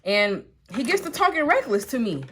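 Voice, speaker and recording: A young woman from Ohio telling a personal story while getting ready, in animated, slangy talk, acting out what people said. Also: fairly high pitch, normal speed, a little hiss or hum. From Columbus, Ohio. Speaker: vlogger.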